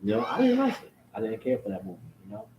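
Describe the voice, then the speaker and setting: A fast-talking vlogger with a fairly low pitch rants to camera, and the audio comes across dull. He curses, repeats points, and bounces between topics with animated energy, recorded in an echoey room with faint noise in the background.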